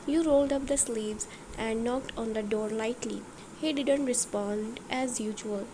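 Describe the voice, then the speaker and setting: Brief: woman narrator, fairly high voice, plain storybook read, background noise. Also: fairly even intonation, measured pace. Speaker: fan fiction narrator. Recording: noisy background.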